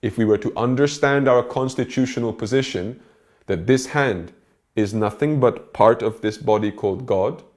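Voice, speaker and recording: A man's voice: mid-range voice, darkish tone. A man giving a recorded lecture as a spiritual teacher, explaining step by step and checking in with his listeners.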